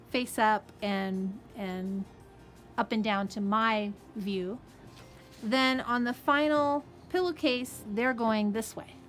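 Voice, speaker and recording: A woman who runs a fabric shop, explaining a sewing project in a chatty, casual way and checking in with "okay?" as she goes. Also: fairly high pitch. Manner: chatty, friendly asides, frequent "okay?" and "right?".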